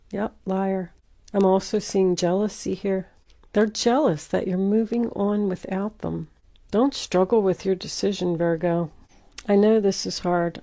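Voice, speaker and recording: A woman's voice: lowish voice, dark tone. A woman giving a casual tarot reading straight to the viewer, emphatic and repetitive as she talks. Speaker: tarot reader.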